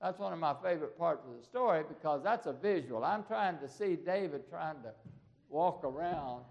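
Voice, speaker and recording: A man's voice: fairly high pitch, lively intonation, normal speed, vocal fry, muffled recording. A man preaching a storytelling sermon in a folksy way, often repeating words and restarting.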